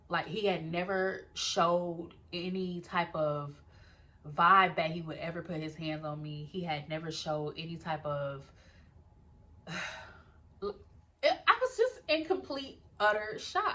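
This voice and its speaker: Animated young woman telling a storytime vlog. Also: lowish voice, slow. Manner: animated, conversational, swears freely, addresses viewers as y'all.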